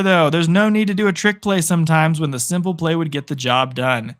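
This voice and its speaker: Hoarse chatty streamer calling football. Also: male voice, fairly high pitch, brisk, few pauses. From Arizona. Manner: chatty, rises excitedly on big plays. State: hoarse, voice worn out. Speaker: live streamer calling play by play. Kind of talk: casual live-stream play-by-play commentary.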